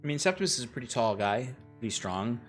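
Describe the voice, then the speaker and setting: A man acting as game master, easygoing and quick to laugh. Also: medium pitch, very animated, a bit bright, faint music behind. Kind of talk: running a tabletop game.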